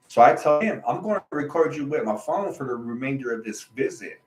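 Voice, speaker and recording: A man's voice: mid-range voice, lively intonation, fairly quick, few pauses, darkish tone, roomy sound, rough recording. A man, host of his own channel, telling a personal story in a casual, emphatic monologue. He repeats himself and uses colloquial slang.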